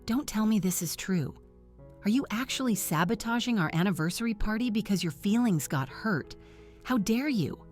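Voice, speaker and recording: A cold, sneering mother with a sharp, demanding tone, read by a woman narrator. Her pitch sits low, and soft music plays underneath. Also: brisk, close to an everyday voice.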